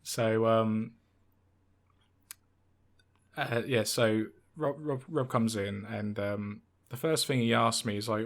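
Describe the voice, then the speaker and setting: A man's voice: lowish voice, steady tone, slow, creaky, pauses often. A man of twenty-one, a podcast co-host, telling a story in casual chat with many fillers and restarts.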